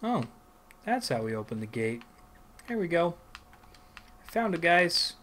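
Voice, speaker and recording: Talking casually over a video game he's playing, a man mutters rambling asides before cursing loudly at the enemies, typical let's play commentary from a gameplay host. He speaks unhurriedly in a slightly high voice with big pitch swings, and there's a little hiss or hum.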